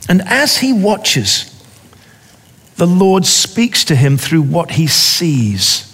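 A man preaching a sermon in a deliberate way, repeating phrases for emphasis. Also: high voice, very animated, a bit bright, breathy edge, long reverb tail.

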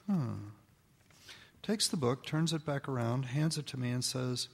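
An older man giving a folksy, animated talk to an audience of mothers, acting out the voices in his stories. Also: mid-range voice, a little slow, gravelly, breathy edge. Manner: folksy, animated storytelling, acts out quoted voices. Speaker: speaker addressing an audience of mothers. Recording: long hall reverb.

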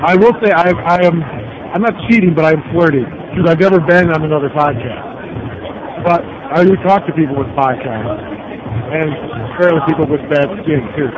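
A man jokes around playfully as a podcast guest on a convention floor, slightly higher than most men. The audio is dull and lo-fi, with a crowd chattering behind him. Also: normal speed. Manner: playful, giggly, jokey. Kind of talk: casual banter.

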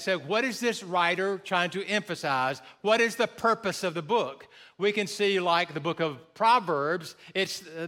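Pastor, male, high and bright voice, lively teaching sermon with light jokes to the crowd. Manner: animated, joking with the congregation, slows down for emphasis. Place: church sanctuary before a congregation.

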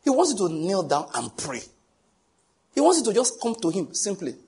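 Man preaching, husky voice, fairly high pitch, emphatic, questions the congregation. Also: big pitch swings, moderate pace, dark tone. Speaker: pastor. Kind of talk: sermon.

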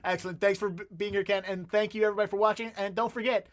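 A man's voice: high voice, fairly even intonation, very fast. A man hosting a casual vocabulary segment, chatty and rambling with fillers. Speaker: podcast host. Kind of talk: casual comedic chat.

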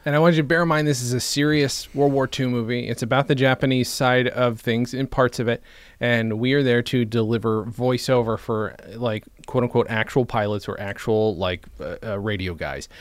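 A man's voice: medium pitch, fairly even intonation, moderate pace, no room sound. A man, chatting casually as a podcast co-host and rambling through stories with careful self-qualifications. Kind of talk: casual chat.

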